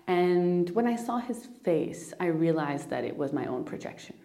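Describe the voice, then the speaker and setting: Woman, low voice, mellow tone, confessional podcast talk, emotional, swears freely. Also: animated, normal speed. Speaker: podcast host. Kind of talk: candid personal monologue.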